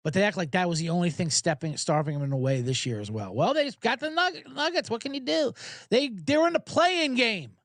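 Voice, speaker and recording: Animated, high-pitched male sports host. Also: fairly quick, no room sound, studio quality. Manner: animated, profane, rambling. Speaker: sports betting podcast host. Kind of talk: casual sports talk.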